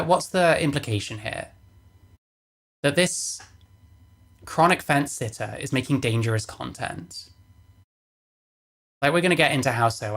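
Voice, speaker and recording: A woman reacting to a video on stream, sarcastic, swearing and dismissive in casual commentary. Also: extremely low pitch.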